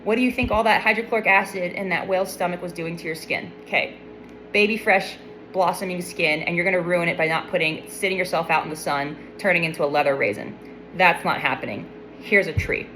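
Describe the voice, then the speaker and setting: A woman voicing God as a gentle, patient figure who talks softly and coaxingly, like a therapist, in a storybook retelling. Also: fairly low pitch, fairly quick, a little hiss or hum, pitched below the performer's own voice, natural voice, low-quality recording. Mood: scolding gently. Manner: soft, hushed and patient.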